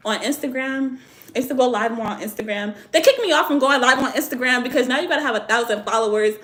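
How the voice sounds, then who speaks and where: Young female stream host from Virginia, fairly high voice, laid-back profane chat. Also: quick pace, fairly bright tone. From Virginia, USA. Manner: loose, slangy and profane, storytelling asides. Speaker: tarot live-stream host. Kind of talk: casual live-stream chat.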